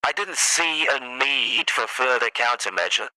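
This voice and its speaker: A man's voice: medium pitch, lively intonation, measured pace, sharp tone, dry recording, poor audio. A man voicing a male doctor under questioning, through a radio demon voice filter, with terse, defensive answers. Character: male doctor questioned after a deadly incident.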